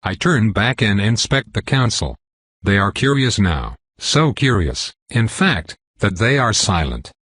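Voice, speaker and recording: A man reading a first-person novel aloud in a measured, even way. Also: lowish voice, breathy edge, no room sound. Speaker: audiobook reader.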